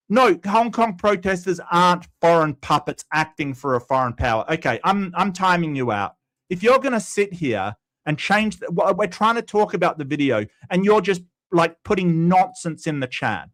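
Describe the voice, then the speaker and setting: An Australian man with a notably high voice tears into a viewer, swearing and shouting insults in a heated livestream rant. He speaks as a young guest co-reviewing a debate. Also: lively intonation. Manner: heated, profane, rapid ranting.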